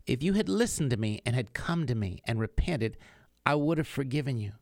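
A man reads the part of Jesus, a gentle and solemn grown man in a spoken story. The delivery is calm, measured and earnest, with a lively, moving pitch, in a dry, close sound. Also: no room sound.

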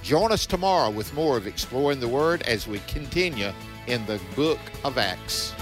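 A man hosting a Bible radio show, giving gentle, encouraging pastoral advice. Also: mid-range voice, expressive, moderate pace, music in the background.

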